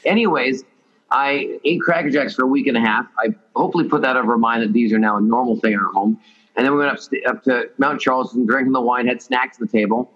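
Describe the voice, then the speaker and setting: A man telling a rambling, lively story as an interview guest, often correcting himself. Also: medium pitch, fast. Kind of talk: casual storytelling. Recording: dull lo-fi audio.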